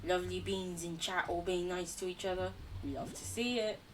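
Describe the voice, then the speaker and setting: A young woman streaming a game, chatting casually and warmly to her chat. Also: lowish voice, steady tone, moderate pace, far from the mic, slight background noise. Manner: chatty, bubbly, talks to chat. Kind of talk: casual gameplay commentary.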